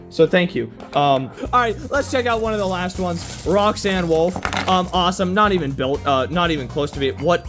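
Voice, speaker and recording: Young man, from the United States, high voice, mocking, over-the-top toy review, faint music behind. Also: expressive, normal speed, hardly any pauses. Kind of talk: comedic unboxing review.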